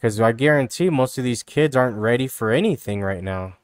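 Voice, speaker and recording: A man's voice: mid-range voice, expressive, brisk. A man live-streaming casual reaction commentary, rambling and mocking, with lots of "you know" and "dude".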